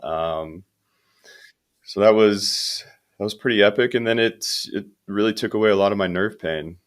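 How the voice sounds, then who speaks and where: A man with a very low voice recounts an experience in a rambling interview style, full of fillers and restarts. He sounds like a young adult guest on a podcast. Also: normal speed. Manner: meandering, with many fillers and restarts. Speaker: podcast guest, hemp company founder. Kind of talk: relaxed interview talk.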